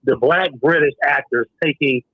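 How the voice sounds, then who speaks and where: A man co-hosting a talk podcast, heard over a thin, phone-like line. His voice is somewhat high, and the dry sound makes his long, meandering explanations feel close despite the narrow audio. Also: normal speed, gravelly, breathy edge, dry recording. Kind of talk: casual debate talk. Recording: tinny phone-like remote line.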